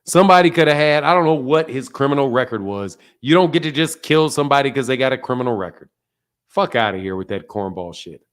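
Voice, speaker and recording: A man's voice: mid-range voice, lively intonation, quick pace. A man hosting a live call-in show, talking bluntly and swearing freely. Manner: blunt, profane, calls people bro. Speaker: host.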